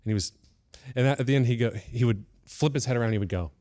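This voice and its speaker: A man hosting an interview podcast and telling stories from his acting training in a casual, animated way, acting out the voices of the people he quotes. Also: mid-range voice, rapid-fire. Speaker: podcast host and actor.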